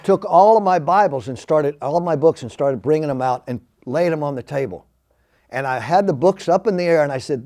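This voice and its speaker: A man's voice: on the high side, fairly quick. Older man telling his testimony. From Texas, USA. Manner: animated, acts out quoted speech. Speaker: Christian testimony speaker. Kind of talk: personal testimony storytelling.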